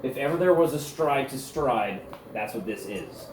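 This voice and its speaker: A man's voice: mid-range voice, expressive, normal speed, a little hiss or hum. A man as game master narrating a tabletop game in a loose, descriptive way, with frequent filler words. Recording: echoey room with faint ambience.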